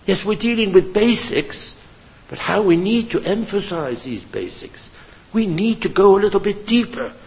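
A man preaching from a church pulpit, impassioned and emphatic, swinging between loud declarations and hushed appeals. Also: high voice, animated, normal speed, gravelly, highs cut off. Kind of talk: sermon.

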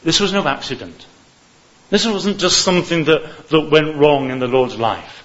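A man preaching a sermon in an earnest, measured way, often repeating words for emphasis. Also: a little high, a bit bright. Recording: slightly muffled lo-fi recording.

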